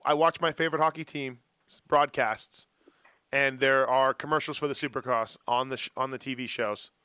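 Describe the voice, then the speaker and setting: A man hosting a casual podcast chat, telling animated stories and teasing his co-hosts. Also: medium pitch, normal speed, clean tone, no room sound. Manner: animated storyteller who teases his co-hosts. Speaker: podcast host.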